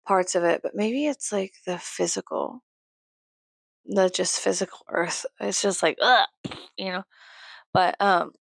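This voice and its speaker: Gravelly, foul-mouthed woman ranting. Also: medium pitch, no room sound. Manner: profane, rambling, swings from loud outbursts to mutters. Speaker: vlogger. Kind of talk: casual ranting vlog.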